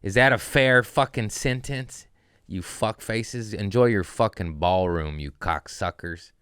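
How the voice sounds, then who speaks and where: A man with a low, smooth and resonant voice, recorded close and dry, talking through a loose comedy podcast monologue. He riffs casually, mocks himself, and swings into profane, heated rants. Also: unhurried, a bit bright, no room sound. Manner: profane ranting with rising outbursts; riffing, self-mocking asides.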